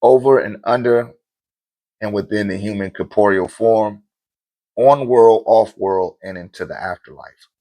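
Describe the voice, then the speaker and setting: A man's voice: lowish voice, unhurried. A man hosting a live stream, explaining spiritual ideas to viewers in loose, casual talk, often asking "right?" and chanting lists of names with rising energy. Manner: loose, conversational, with rhetorical check-ins; chants lists of names rhythmically, growing animated. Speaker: livestream host answering viewer questions on spirituality. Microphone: streaming mic.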